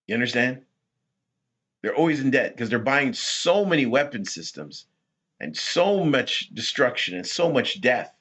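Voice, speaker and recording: A man hosting rambling political commentary, talking in a rhetorical, animated way. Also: mid-range voice, husky. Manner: animated, rhetorical, laughs at his own points.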